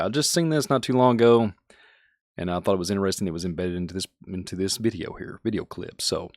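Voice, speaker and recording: Excitable folksy podcaster. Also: male voice, sits low, quick pace, no echo, clean studio sound. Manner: animated, folksy, talks straight to the audience. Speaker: podcast host. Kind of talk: excited conspiracy podcast commentary.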